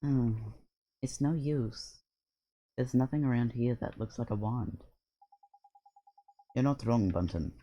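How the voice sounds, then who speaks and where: A man's voice: medium pitch, slow, pauses often, mellow. A man voicing a chatty, bossy little male fairy sidekick while reading a game aloud. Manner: lilting, bossy, slangy and matter-of-fact.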